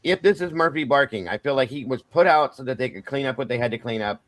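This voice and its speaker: A man's voice: mid-range voice, expressive, quick pace, fairly bright tone. A man hosting a casual true-crime livestream, talking bluntly with frequent swearing and repeatedly stressing that it is only his opinion. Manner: blunt and profane, keeps saying it is just his opinion. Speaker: livestream host.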